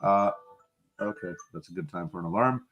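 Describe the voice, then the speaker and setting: A man's voice: low voice, normal speed, highs cut off, faint music behind. A man hosting a casual football live stream, reading out viewer comments and bantering with his co-hosts. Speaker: host.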